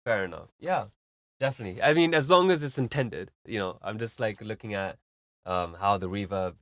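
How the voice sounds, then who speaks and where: Male streamer, lowish voice, casual rambling feedback, dry close sound. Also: expressive, moderate pace, dry recording. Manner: rambling, filler-heavy, explains with vivid analogies. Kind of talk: casual live-stream commentary.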